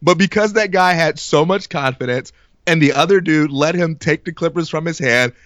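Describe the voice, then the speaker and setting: A young man in his twenties telling an animated, laugh-filled story in casual podcast chat. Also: fairly high pitch, normal speed, no echo, studio quality.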